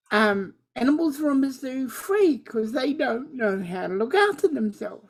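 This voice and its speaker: A woman's voice: sits high, expressive, slow pace, pauses often. A woman playing a tabletop game, speaking in character in a casual, earnest way. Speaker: player. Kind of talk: casual in-character role-play.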